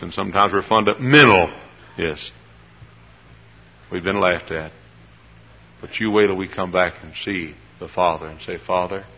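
An older pastor with a low, slightly rough voice preaches fervently, often repeating his phrases. A long reverb tail trails his words, and the sermon recording sounds dull and lo-fi.

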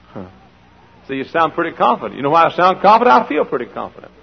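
A man preaching a sermon in a folksy style, full of rhetorical questions, swinging between loud and hushed. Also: on the high side, big pitch swings, quick pace, creaky, breathy edge. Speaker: pastor. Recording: dull old sermon recording in a large hall.

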